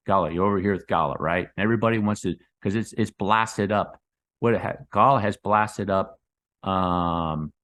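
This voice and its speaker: A man with a lowish voice talks loosely over crypto price charts. He rambles from point to point and keeps calling his viewers "guys," letting his voice sink on those tag words. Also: a bit bright. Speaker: crypto market analyst. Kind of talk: casual chart commentary.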